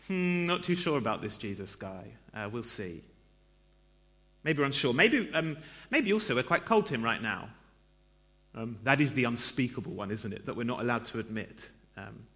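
This preacher has a medium-pitched, bright, forceful voice. In church he delivers a conversational sermon, chatty and self-deprecating, full of fillers and asides to the congregation.

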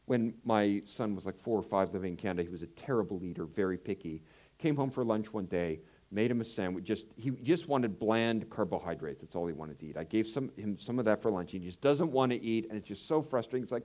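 A man preaching a conversational Bible teaching, animated and telling personal stories. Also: lowish voice, fairly quick. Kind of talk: sermon.

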